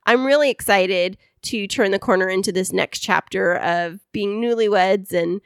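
A woman's voice: mid-range voice, moderate pace, smooth, no room sound, clean studio sound. A young adult woman co-hosting a podcast in casual chat, bubbly and affectionate, laughing often. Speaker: podcast co-host.

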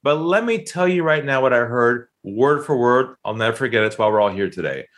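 A man's voice: medium pitch, animated, a little fast, fairly bright tone. A man telling a dramatic story about a sales call, acting out the quoted voices with emphatic delivery. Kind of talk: animated storytelling.

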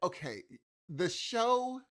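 A man's voice: high voice, sing-song, takes it slowly, fairly bright tone. A man co-hosting a podcast, ranting in an exasperated, slangy way during casual chat. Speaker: podcast co-host.

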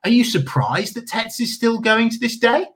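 A man's voice: very high-pitched, lively intonation, normal speed, fairly bright tone. A man hosting a casual football interview, asking chatty, leading questions.

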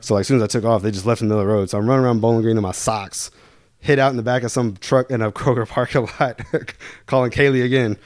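A man's voice: medium pitch, steady tone, quick pace, dry recording. A young man from Louisville, Kentucky, telling rambling, profane stories as a podcast guest. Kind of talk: casual storytelling.

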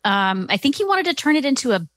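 A woman in her forties co-hosting a podcast, chatty and quick to agree. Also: high-pitched, very animated, fairly bright tone, no echo, clean studio sound. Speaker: podcast co-host. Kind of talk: casual chat.

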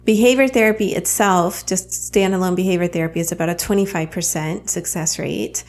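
Chatty Southern woman podcast host. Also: mid-range voice. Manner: chatty, laughs easily. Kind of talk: casual podcast interview.

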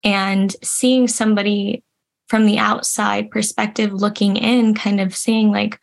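A woman's voice: mid-range voice, level tone, a little slow, vocal fry. Young adult woman, reflective and earnest, casual interview guest. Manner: earnest, reflective, many restarts.

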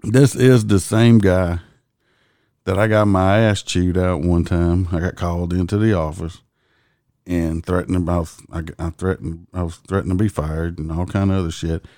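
A man's voice: low-pitched, steady tone, moderate pace, dark tone, no echo, studio quality. A man, a host telling a casual, profane story and laughing as he goes. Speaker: podcast host and police officer.

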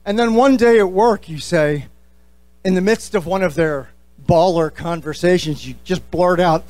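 A middle-aged man with a New Jersey accent, hosting a podcast in an animated, jokey, opinionated way on stage. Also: sits high, normal speed. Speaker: podcast host. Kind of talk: live stage address to fans.

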